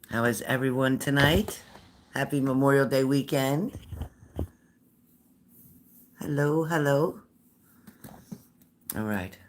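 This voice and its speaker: A woman's voice: very deep voice, background noise. A woman hosting a live psychic reading stream, chatting casually and greeting viewers by name.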